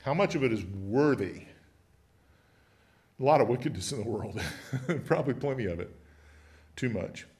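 A man's voice: medium pitch, expressive, moderate pace, pauses often, darkish tone. A man teaching a Bible study in a conversational way, often putting questions to his listeners. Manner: asks the group many questions.

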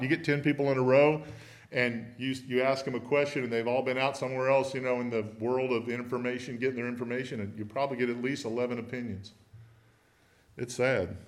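Man leading a Bible study, mid-pitched, chatty, keeps questioning the group. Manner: asks the group many questions. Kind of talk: conversational Bible teaching.

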